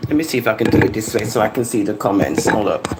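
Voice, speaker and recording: A live-stream host, chatting casually from home into a phone, animated and laughing as they tease and tell stories. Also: mid-range voice, very fast, background noise. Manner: animated, laughing, teasing rants and storytelling. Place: home living room. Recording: echoey room with faint ambience.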